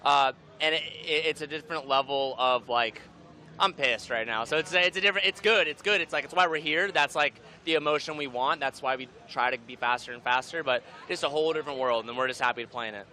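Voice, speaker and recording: A man's voice: mid-range voice, fast, bright, forceful tone. A male racing driver answering trackside interview questions in a focused, earnest way. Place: outdoors at a racetrack.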